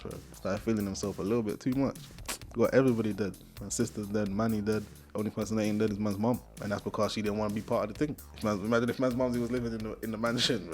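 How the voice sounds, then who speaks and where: A young man retelling a film in heavy slang, animated and jumping into loud character voices. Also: fairly low pitch. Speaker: film recap host. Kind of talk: comedic slang-heavy movie recap.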